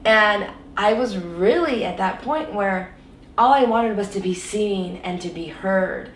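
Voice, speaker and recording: A woman's voice: medium pitch, measured pace, recorded from a distance, a little hiss or hum. A woman guest telling her personal story in an earnest, reflective way, often saying "you know.". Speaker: interview guest. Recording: roomy echo, voice a bit off-mic, faint background ambience.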